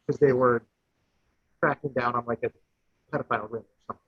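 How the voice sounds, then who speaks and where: A man, a guest contestant, telling a rambling, animated anecdote in casual chat. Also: mid-range voice, a little fast, long pauses, husky, dry recording. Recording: dull lo-fi dry audio.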